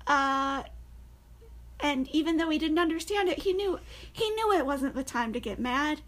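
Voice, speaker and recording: A woman's voice: high-pitched, expressive, moderate pace, a bit bright. A woman co-hosting a podcast in casual chat, telling stories animatedly and laughing often. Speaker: podcast co-host.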